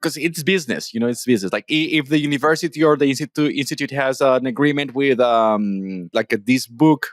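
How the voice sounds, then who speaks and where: A man's voice: medium pitch, fairly quick, hardly any pauses, no room sound, clean studio sound. A man hosting an interview, a former English teacher who rambles with many restarts and fillers. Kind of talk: casual interview chat.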